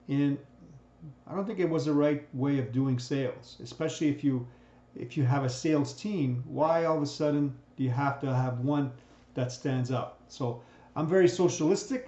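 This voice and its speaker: A man's voice: medium pitch, dark tone. Man lecturing in a roomy, dull recording. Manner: conversational, repeats "right?" often, frequent restarts. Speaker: instructor.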